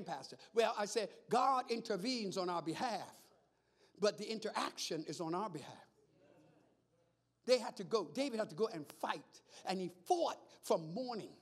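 A pastor preaching a sermon, calling out to the congregation and rising into shouts. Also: male voice, high-pitched, husky.

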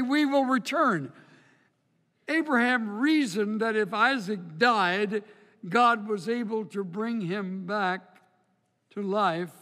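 High-voiced preacher in a reverberant hall. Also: male voice. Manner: emphatic, building to loud stressed peaks, then dropping low and slow. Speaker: pastor. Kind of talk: sermon.

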